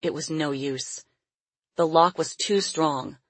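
A woman narrating a novel as an audiobook in a steady reading voice. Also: low voice, slow pace, breathy edge, no room sound. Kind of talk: scripted narration.

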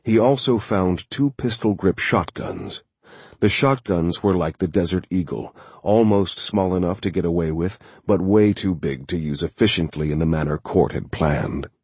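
A man narrating a thriller audiobook in a steady, measured way. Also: low-pitched, breathy edge, dry recording.

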